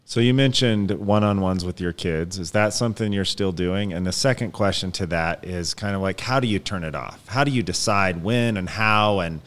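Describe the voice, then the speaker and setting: A man's voice: deep voice, moderate pace, hardly any pauses, fairly bright tone. A man hosting a podcast interview, asking long, searching questions of his guest. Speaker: podcast host.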